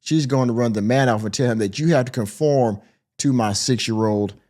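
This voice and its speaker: A man's voice: medium pitch, brisk, darkish tone. A man hosting a reaction commentary podcast, speaking in a mocking, sarcastic way. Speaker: commentary host.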